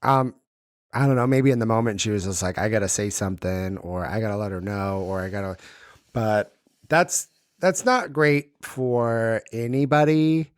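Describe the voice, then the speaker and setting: A man's voice: fairly low pitch, moderate pace, smooth, no room sound, clean studio sound. A man co-hosting a podcast, chiming in with agreement and crude jokes. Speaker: podcast co-host. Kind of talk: casual chat.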